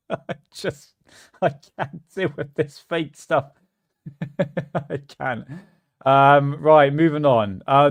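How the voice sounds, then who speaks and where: A man's voice: medium pitch, no room sound, studio quality. A man hosting a livestream, chatting casually and mocking what he watches, often laughing. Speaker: livestream host.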